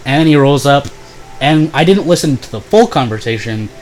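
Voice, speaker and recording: A young man spins a rambling, profane storytime packed with "like" and other fillers, now and then breaking into loud, exaggerated impressions. His medium-pitched voice moves at a moderate pace with lively intonation, over slight background noise.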